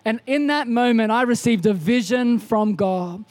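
A man, preaching a sermon in a church auditorium with energetic bursts into shouts. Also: very high voice, a little slow, no room sound. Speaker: pastor.

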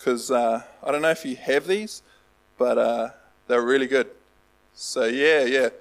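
A man's voice: mid-range voice, unhurried, rough recording. A man preaching a casual sermon, rambling and self-deprecating, with lots of fillers. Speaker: pastor.

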